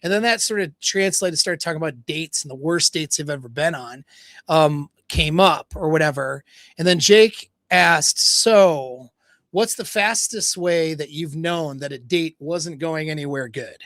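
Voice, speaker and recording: Rambling, fairly high-voiced male dating coach. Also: unhurried, fairly bright tone, dry recording. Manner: loose, rambling storytelling with many fillers and quoted dialogue. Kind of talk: livestream talk, retelling a story.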